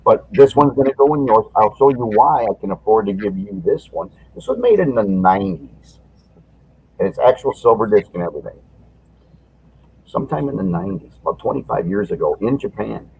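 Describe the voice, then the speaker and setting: A man's voice: lowish voice, very animated, brisk, gravelly, darkish tone, breathy edge, poor audio. A man from Michigan on a video call, rambling enthusiastically through a show-and-tell of a collector's item and getting short of breath when he talks long. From Michigan, United States. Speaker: collector sharing items. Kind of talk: casual video chat.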